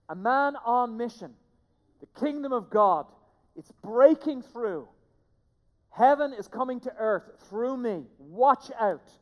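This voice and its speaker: A pastor preaching a sermon to a church, emphatic, repeating key phrases and swinging between hushed and loud delivery. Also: medium pitch. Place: church sanctuary. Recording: long reverb of a large hall.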